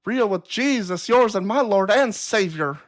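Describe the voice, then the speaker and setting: A woman's voice: mid-range voice, expressive, measured pace. A woman hosting a live stream, talking casually and replying to chat comments in a blunt, profane, exasperated way. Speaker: livestream host. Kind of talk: casual livestream talk reading chat comments.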